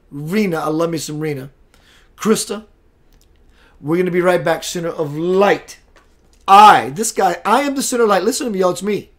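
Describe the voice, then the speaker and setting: Middle-aged male host, high voice, casual and animated, acts out the quotes and reads out viewer names. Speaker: spiritual talk show host. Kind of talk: casual live-stream monologue.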